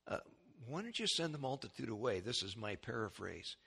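A man preaching a sermon, explaining scripture earnestly and clearing his throat often. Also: medium pitch, very animated, unhurried, long pauses, a bit bright.

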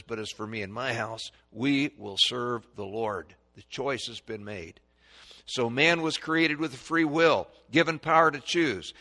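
Recorded with the long reverb of a big church sanctuary, this medium-pitched male preacher alternates between booming emphasis and hushed asides. He reads scripture in archaic language and calls out the verses as he goes.

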